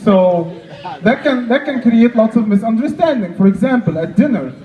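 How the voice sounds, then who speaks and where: A man's voice: very high voice, animated, normal speed, dark tone. A man doing a stand-up comedy set, chatty and teasing the audience, often breaking off mid-sentence. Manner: chatty, self-interrupting, teasing the crowd. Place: stage before a laughing crowd. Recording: roomy, muffled live club recording. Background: crowd laughter.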